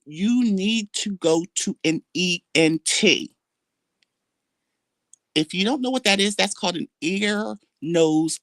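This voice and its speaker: A brash woman rants on her own livestream, trash-talking and swinging her voice up and down with lively, animated pitch. Her voice sits fairly low for a woman. The sound is dry and close, with no room around it. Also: no echo. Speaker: livestream host. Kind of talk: casual livestream commentary.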